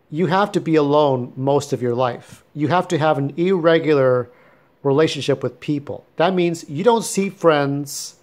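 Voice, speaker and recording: A man's voice: fairly high pitch, darkish tone. Blunt, bitter man. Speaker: vlogger. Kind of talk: late-night solo monologue. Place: at home at night.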